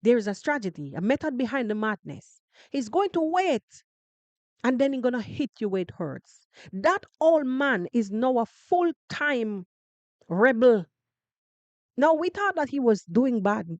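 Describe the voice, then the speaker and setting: A Jamaican woman hosting a casual live show, talking in an animated, emphatic way and circling back on her own phrases. Her voice sits a little high and the sound is dry and close, with hardly any room around it. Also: a little slow, no echo, dull audio. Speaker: podcast host.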